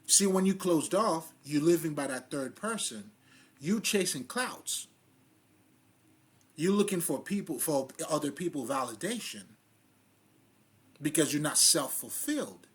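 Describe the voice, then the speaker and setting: A man's voice: on the high side, animated, moderate pace, breathy edge. A man giving a loose, casual spiritual monologue in street slang, swearing freely and often laughing at himself. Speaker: spiritual vlogger.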